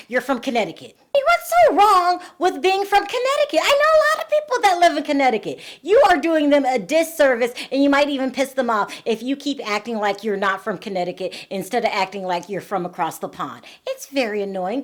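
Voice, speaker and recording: A woman hosting a celebrity gossip commentary, sarcastic and indignant, often exclaiming at what she reads out. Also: fairly high pitch. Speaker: reality TV commentary host.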